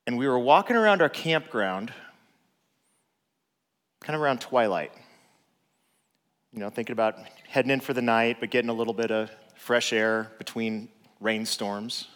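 Casual storyteller dad with reverb. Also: male voice, mid-range voice, moderate pace, pauses often. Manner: relaxed, conversational, frequent "like" fillers. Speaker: father telling a personal story. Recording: long reverb.

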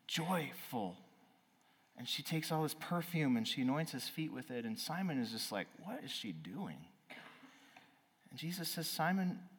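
Animated man preaching in a big hall. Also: on the high side. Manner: animated, swings from loud exclaiming to quiet. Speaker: pastor. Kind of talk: sermon. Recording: reverberant hall.

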